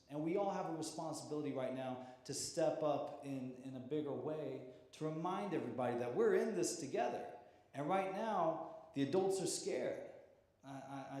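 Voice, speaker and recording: A man's voice: a little high, warm tone. A male teacher telling a heartfelt personal story in a town hall speech, often repeating words as he talks. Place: large hall. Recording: echoey hall with long reverb.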